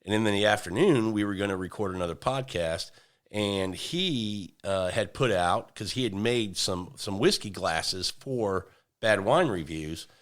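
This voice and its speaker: A man's voice: fairly low pitch, animated, a little slow. A man hosting a casual chat, teasing his guest and filling in parts of the story. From Texas. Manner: teasing, jumps in to finish the other's story. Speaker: podcast host.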